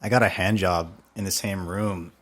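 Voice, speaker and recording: A man's voice: deep voice, fairly even intonation, normal speed, a bit bright. A man co-hosting a casual podcast, easygoing, putting questions to the guest. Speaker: podcast co-host.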